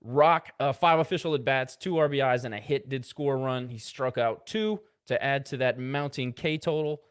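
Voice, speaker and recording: Guy cohosting a sports pod, reading stats quick with little side jokes, mid voice. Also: medium pitch, clear, resonant tone. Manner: rattles off box-score stats with quick asides. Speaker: podcast co-host. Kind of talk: casual sports podcast chat.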